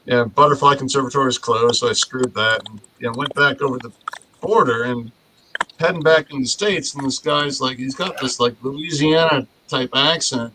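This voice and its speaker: A man's voice: mid-range voice, moderate pace. A man telling a story in a casual chat, rambling with frequent restarts and casual swearing. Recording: noisy podcast audio.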